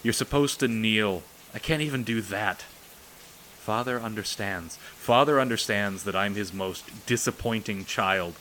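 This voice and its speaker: A man reading aloud and voicing a young prince, a self-doubting youngest brother who speaks quietly or rants bitterly. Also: low voice, steady tone, normal speed, a little hiss or hum, rough recording. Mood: ranting. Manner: quiet, then ranting and shouting in frustration.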